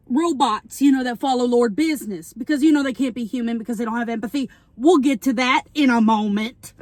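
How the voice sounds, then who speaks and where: Young woman, high voice, animated chatty recap, eating in a car, dry close sound. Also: no room sound. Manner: animated storytelling, keeps checking in with "okay?" and "right?"; talking while eating. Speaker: vlogger. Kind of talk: casual movie plot recap. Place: parked car.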